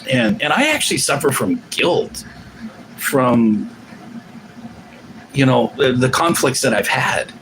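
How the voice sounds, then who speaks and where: Animated profane man rambling on stream. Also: medium pitch, slow, pauses often, slight background noise, poor audio. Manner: rambling, profane, restarts often. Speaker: live stream host. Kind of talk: casual live-stream chat.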